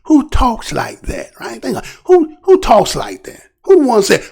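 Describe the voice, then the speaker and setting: A man's voice: high-pitched, big pitch swings, normal speed, gravelly, few pauses. A man hosting his own news commentary show, talking casually and animatedly, often asking "right?" and restarting his phrases. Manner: rhetorical, repeatedly asks "right?".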